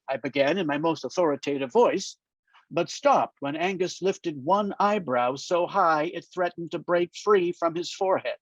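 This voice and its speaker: A man reading his novel aloud at a literary festival in a wry, deadpan way. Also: a little high, normal speed, no room sound. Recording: dull, muffled dry sound.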